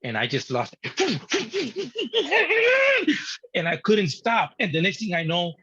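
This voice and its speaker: A man tells a story from his childhood with a husky voice and plenty of energy, acting out the moments and swearing freely. The sound is dull and lo-fi. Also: a little high, fairly quick. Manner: animated, swearing, acting out his younger self. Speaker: guest. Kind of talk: personal storytelling.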